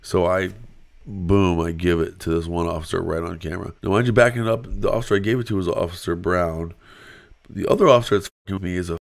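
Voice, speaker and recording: A man's voice: sits low, steady tone, fast talker, gravelly. A man telling a personal story in a casual, rambling way, filling his speech with "like" as he goes. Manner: rambling, filler-heavy, frequent "like".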